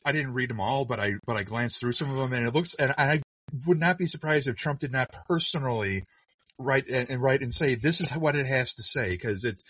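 A man of middle pitch co-hosts a casual political podcast with a husky, breathy voice. He sounds a little distant from the mic in a dry, dead room, and he speaks in a halting, sardonic way, doubling back on his words. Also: fairly bright tone, dry recording.

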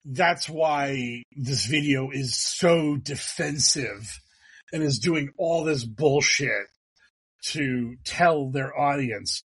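A man's voice: medium pitch, husky. A man giving sarcastic, sweary commentary on a video, mocking the people he talks about. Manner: mocking, sweary, mimics opponents in exaggerated voices. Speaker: political commentator.

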